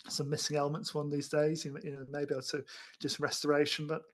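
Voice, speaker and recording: A man's voice: on the high side, monotone, fast talker. Man, casual film podcast co-host, rambly delivery. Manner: rambling, many restarts and fillers.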